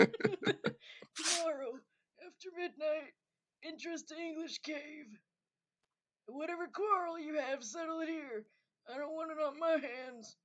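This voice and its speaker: A woman's voice: high-pitched, takes it slowly, fairly bright tone, highs cut off. A woman with a Southern accent reading a comic aloud as a guest, giggling often between lines. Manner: giggly, reads narration then chats. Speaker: guest co-reader. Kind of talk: casual comic read-along.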